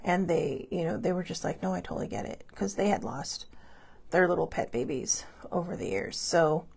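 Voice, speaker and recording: A woman hosting her own show, talking casually and emotionally about losing a pet, halting and restarting often. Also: on the low side, animated, vocal fry, a little mellow, slightly rough. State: tearful, grieving. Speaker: host. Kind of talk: casual personal talk.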